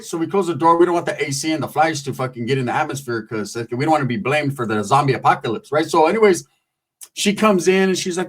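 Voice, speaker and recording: A man with a somewhat bright voice shares a comedic story. His style is casual, profane, and full of slang, and quotes come out in squeaky voices.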